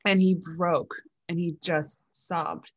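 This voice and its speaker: A woman hosting an interview, gentle and reflective, often pausing to search for her words. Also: lowish voice, fairly even intonation, slight background noise. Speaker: podcast host. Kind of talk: empathetic conversational interview. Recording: dry close-miked sound.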